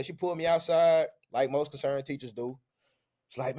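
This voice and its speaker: A man, co-hosting a podcast and telling a story in casual, animated, slang-filled chat. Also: medium pitch, moderate pace.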